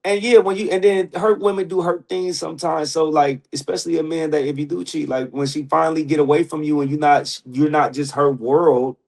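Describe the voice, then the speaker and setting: A man's voice: on the high side, fairly even intonation, fairly quick, gravelly, few pauses, darkish tone. A man who is a podcast guest, telling stories in casual slang, laughing often and acting out the people he quotes. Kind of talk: casual storytelling.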